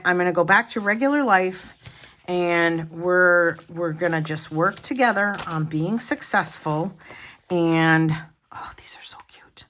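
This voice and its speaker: A woman with a slightly low-pitched voice chats casually to her viewers in a home vlog. She rambles, restarts her sentences and wanders into asides as she talks. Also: a bit bright, a little hiss or hum. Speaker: planner vlogger.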